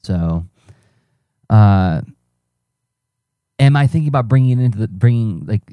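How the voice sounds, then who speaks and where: A man's voice: on the low side, expressive, a little slow, mellow, no echo. A man hosting a solo podcast, thinking aloud in a rambling, self-correcting, conversational way. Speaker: podcast host, cartoonist and teaching artist. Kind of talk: reflective solo podcast monologue.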